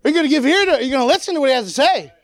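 A preacher giving an animated sermon, acting out the people in the story and swinging between loud and quiet. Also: high voice, racing, dry recording. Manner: animated, acts out the people it quotes.

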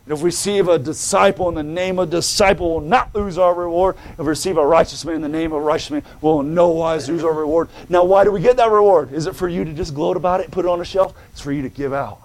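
A male preacher giving a fervent sermon, calling out to the congregation and swinging between shouting and hushed tones. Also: fairly high pitch, quick pace, few pauses.

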